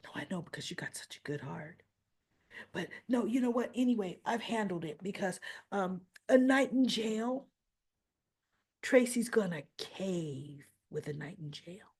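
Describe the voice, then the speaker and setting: A woman putting on the voice of a soft-spoken, manipulative man who talks in a breathy half-whisper. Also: medium pitch, animated, measured pace. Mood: soothing.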